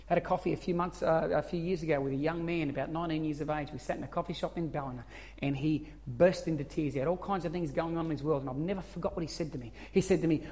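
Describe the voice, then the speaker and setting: A man's voice: fairly high pitch, quick pace, darkish tone. A man preaching a sermon as a pastor, earnest and conversational, stumbling and restarting as he goes. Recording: long hall reverb.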